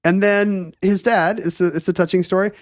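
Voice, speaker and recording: A man's voice: high voice, steady tone, moderate pace, no echo, clean studio sound. A man co-hosting a podcast, telling a history story in a joking, playful way and laughing often. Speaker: podcast co-host. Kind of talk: casual chat, storytelling.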